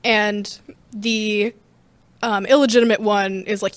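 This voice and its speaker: A teenage girl, a student theater member, chatting as an interview guest in a rambling, slangy, animated way. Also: mid-range voice, moderate pace, no echo. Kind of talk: casual interview chat.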